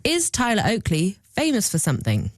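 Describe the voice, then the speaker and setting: A woman's voice: mid-range voice, wildly swooping pitch, normal speed, a little hiss or hum. A woman reading quiz questions aloud in a radio game. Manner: reads questions out like prompts.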